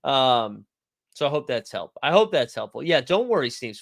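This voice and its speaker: A man's voice: mid-range voice, big pitch swings, moderate pace, vocal fry, fairly bright tone. A man hosting a fantasy basketball livestream, chatting loosely and jokingly, greeting viewers by name from the comments. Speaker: fantasy sports livestream host. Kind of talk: casual livestream chat reading viewer comments.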